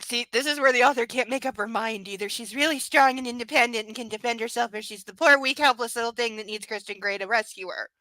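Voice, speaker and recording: Bright-voiced woman reading with sarcastic asides. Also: on the high side, quick pace, hardly any pauses, no echo. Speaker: reader and commentator. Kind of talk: live reading with sarcastic commentary.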